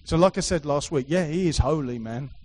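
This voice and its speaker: Speaking briskly in a darkish voice on the high side, a middle-aged man preaches to a live congregation in a church hall. He's emphatic and repetitive, with playful asides, and the recording quality is low.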